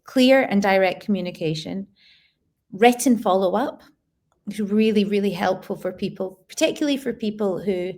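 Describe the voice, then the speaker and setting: A woman educator answers interview questions in a plain conversational way, with a voice of ordinary middle pitch. She lays out practical tips step by step and doubles key words for emphasis. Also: moderate pace, a little mellow. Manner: explanatory, repeats words for emphasis. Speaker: guest educator.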